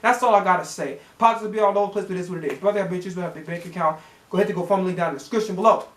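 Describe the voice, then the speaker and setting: A man's voice: high-pitched, racing, roomy sound. A man hosting a sports reaction channel, swearing constantly in a heated, rambling fan rant.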